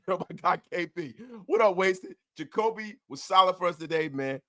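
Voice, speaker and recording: A man hosting a live-stream post-game fan show, excitable and loud, repeating himself and bantering with his viewers. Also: high voice, moderate pace.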